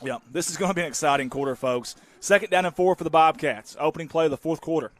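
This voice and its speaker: A man calling a local high school football game, folksy and excitable, bursting into shouts on big plays. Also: fast talker, dry recording. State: out of breath. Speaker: play-by-play announcer.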